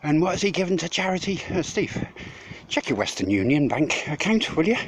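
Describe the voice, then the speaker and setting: A man's voice: fairly high pitch, big pitch swings, fairly quick, poor audio. A man vlogging at a building site, out of breath, rambling and swearing as he rants about a rival. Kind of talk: casual walk-and-talk vlog. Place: outdoors at a building site in hot weather. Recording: clear background noise with clicks.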